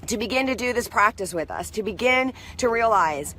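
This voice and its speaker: A woman's voice: a little high, lively intonation, a little fast, sharp tone. A woman hosting a live video, telling a rambling personal story in a chatty way and greeting viewers as they join. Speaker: live stream host.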